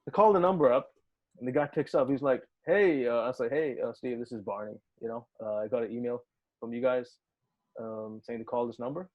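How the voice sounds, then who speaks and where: Brisk and medium-pitched, the man comes through on lo-fi sound. He's a UAE musician appearing as a guest in a relaxed interview, swearing a lot and voicing the dialogue as he animatedly recounts a story.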